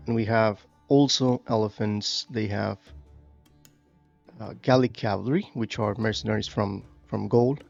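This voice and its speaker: Gravelly man reading a game tutorial. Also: lowish voice, a little mellow, highs cut off. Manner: reads tutorial text aloud then comments loosely, many fillers. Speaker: gaming YouTuber. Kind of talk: casual gameplay commentary.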